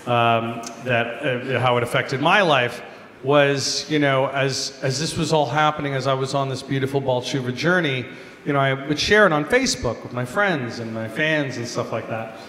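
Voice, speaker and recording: A man, a comedian, telling a lively story at a gala, talking animatedly. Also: mid-range voice, normal speed. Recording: echoey hall, faint noise.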